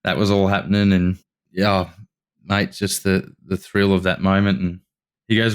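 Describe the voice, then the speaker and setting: An Australian man with a low voice tells his story as a podcast guest. His tone is smooth and clear. He is animated and keeps acting out other people's lines. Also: moderate pace. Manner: animated storyteller, acts out quotes, says "mate" often. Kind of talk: casual storytelling.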